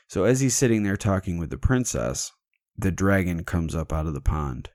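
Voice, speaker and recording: Deep-voiced man telling stories irreverently. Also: moderate pace, darkish tone, dry recording, studio quality. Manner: irreverent and jokey, swears freely. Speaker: podcast host. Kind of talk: casual storytelling chat.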